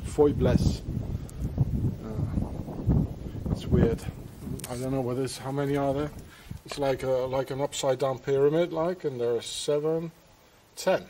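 A travel vlogger with a darkish mid-range voice rambles through a walking tour of castle ruins in a forest, muttering asides and slang. It's recorded outdoors on a handheld camera mic, with a little hiss or hum.

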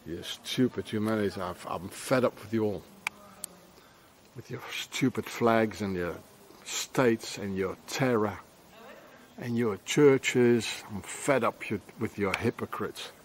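Ranting man with a lowish voice. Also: slow pace, slight background noise. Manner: ranting, repetitive, scolding, many filler phrases. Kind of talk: angry street rant to camera.

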